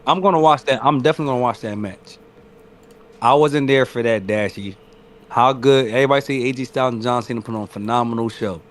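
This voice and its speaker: Man, podcast co-host, casual slangy chat, medium pitch, animated. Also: fast talker. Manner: slangy, profane, animated banter.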